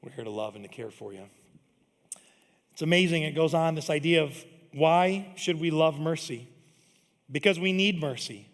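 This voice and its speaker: A man's voice: fairly high pitch, expressive, moderate pace, vocal fry, pauses often. A man preaching a sermon as pastor, telling self-deprecating stories and laughing often. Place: church auditorium. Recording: long hall reverb.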